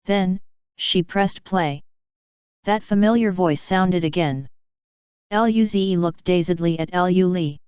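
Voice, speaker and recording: Smooth, clear woman narrating an audiobook. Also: on the low side, slow, a little mellow, no echo, dull audio. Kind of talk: scripted narration.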